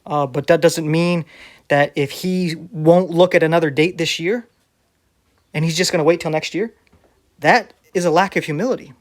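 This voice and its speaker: A man's voice: a little high, normal speed. A man who preaches online, reading viewer comments aloud and answering them in a sarcastic, defensive way.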